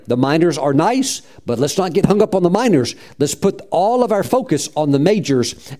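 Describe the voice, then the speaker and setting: A man's voice: a little high, mellow. A middle-aged man preaching a sermon as pastor, fervent, punctuating his points with "praise God" and acting out quoted voices.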